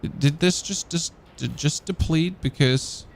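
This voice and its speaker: With a gravelly, fairly high voice and a measured pace, a German-accented man from Germany chats casually while streaming a game, reasoning aloud and addressing his chat. A bit of hiss or hum is audible.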